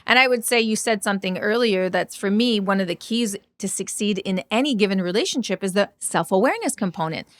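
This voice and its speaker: A woman's voice: medium pitch, a little fast, few pauses. A middle-aged woman talks through relationship advice as a podcast guest, with a mid-range voice. She tells personal stories and acts out what each person said. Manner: storytelling, animated retellings of dialogue. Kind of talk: casual podcast conversation.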